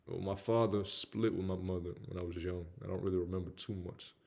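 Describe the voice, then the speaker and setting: A man's voice: sits low, fairly even intonation, brisk, creaky, a little mellow. A young man with a Southern US accent giving a blunt, candid motivational talk about his own life. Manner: blunt, slangy, peppered with "man". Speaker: motivational speaker.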